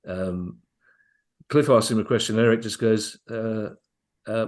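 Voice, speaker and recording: A comedian guests on a podcast, spinning anecdotes with lively energy. He trips over his own words and restarts often, then carries on talking. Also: fairly low pitch, measured pace, long pauses. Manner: lively storyteller, frequent restarts.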